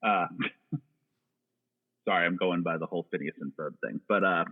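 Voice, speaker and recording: Lower-voiced man on a tinny line. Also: normal speed. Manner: rambling, joking movie talk with frequent "uh" restarts. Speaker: podcast guest. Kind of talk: casual chat.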